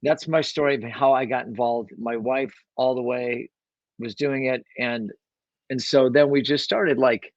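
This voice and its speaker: A man's voice: medium pitch, fairly even intonation, measured pace, no room sound, highs cut off. A man telling his story as an interview guest, rambling along with lots of fillers and restarts. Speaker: guest, real estate investor. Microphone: own microphone.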